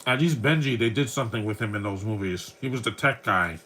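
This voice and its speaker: A man's voice: fairly low pitch, animated, a little fast, bright, forceful tone, a little hiss or hum, rough recording. A man around forty, a podcast host, chatting in a rambling way as he watches a movie and comments on it. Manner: rambling, chatty fan talk.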